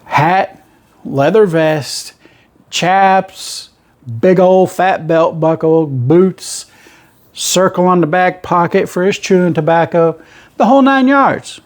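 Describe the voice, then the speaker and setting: Slow and high-pitched, a middle-aged man with a country Southern twang recounts his trucking adventures for his channel. The monologue is easygoing storytelling, rambling and folksy.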